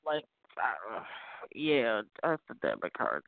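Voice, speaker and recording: A woman with a Southern US accent, co-hosting a casual call-in radio show and rambling through animated stories with some cursing. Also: a bass voice, takes it slowly, gravelly, no room sound. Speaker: co-host. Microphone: phone. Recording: tinny phone line.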